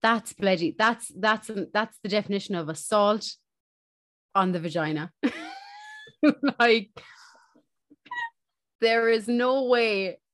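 A woman's voice: medium pitch, slow pace, pauses often, fairly bright tone. A young woman, co-hosting a casual podcast, blunt and jokey with crude asides. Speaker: podcast co-host. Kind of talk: casual chat.

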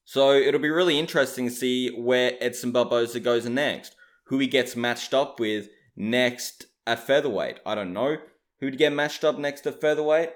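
A man's voice: mid-range voice, moderate pace. Chatty man giving fight opinions. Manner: opinionated, chatty, hedges his claims. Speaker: MMA commentator. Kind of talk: casual fight recap.

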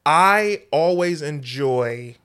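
A man co-hosting a casual podcast, giving measured, emphatic opinions. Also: fairly high pitch, animated, a bit bright, clear, resonant tone. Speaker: podcast co-host. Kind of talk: casual chat.

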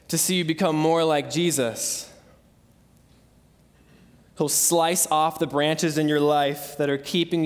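Young man, sermon, earnest conversational tone, slightly high voice, long hall reverb. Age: 20s. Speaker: pastor.

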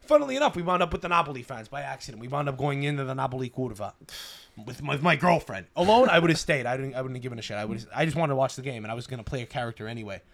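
A young man from Canada, hosting a podcast, telling a story fast and loose with swearing and restarts. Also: mid-range voice, lively intonation, vocal fry, fairly bright tone. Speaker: podcast host. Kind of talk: casual chat.

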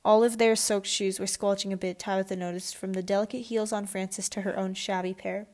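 A woman reading a children's chapter book aloud at a steady pace, with small restarts. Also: medium pitch, brisk. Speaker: audiobook reader. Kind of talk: storybook read-aloud.

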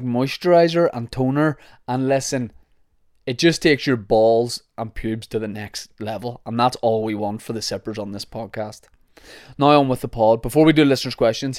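A man's voice: mid-range voice, a little mellow, clean tone, no echo, clean studio sound. Rambling, jokey Northern Irish man. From Northern Ireland. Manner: rambling and jokey, lots of restarts. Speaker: podcast host. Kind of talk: casual chat.

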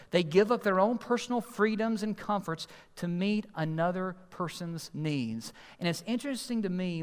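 A man preaching a sermon as pastor, earnest and emphatic, slowing to stress key phrases. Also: high voice, clear, resonant tone. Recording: long hall reverb.

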